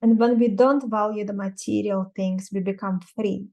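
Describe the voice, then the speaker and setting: A woman with a Russian accent, hosting an interview and speaking in a measured, thoughtful way. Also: medium pitch, steady tone, gravelly, mellow, highs cut off. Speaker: interview host and coach. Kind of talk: interview conversation.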